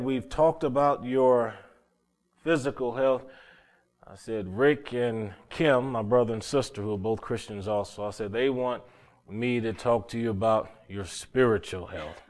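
Earnest preacher man. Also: medium pitch. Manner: earnest, halting storytelling with repeated words. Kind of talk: sermon testimony.

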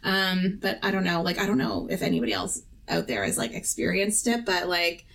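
A young woman from Canada, a podcast co-host, telling a personal story in casual chat with halting, rambling speech. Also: on the low side, very animated, a bit bright.

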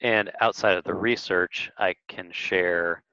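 Deep-voiced man telling animated anecdotes. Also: a little slow, smooth, highs cut off. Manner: animated storyteller, acts out quotes. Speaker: guest, marketing agency head. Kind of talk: casual interview talk.

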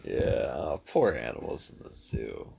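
A man's voice: rumbling low, huge pitch swings, a little slow, gravelly, warm tone, a little hiss or hum. A man casually telling a long story to a friend, laid-back, swearing freely and filling his talk with "dude" and "like".

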